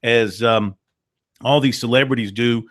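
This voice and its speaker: Male sports radio host, dry close sound, middle pitch. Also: unhurried, no echo. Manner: reads out news items and quotes, with fillers. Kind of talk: radio sports talk, reading news items.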